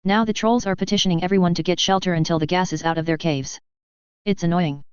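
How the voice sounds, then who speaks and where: A woman's voice: on the low side, fairly even intonation, quick pace, clear, resonant tone, no echo, lightly acted. A woman reading the lines of a large, horned, furry male creature who reports deferentially to his lord, on slightly dull lo-fi audio.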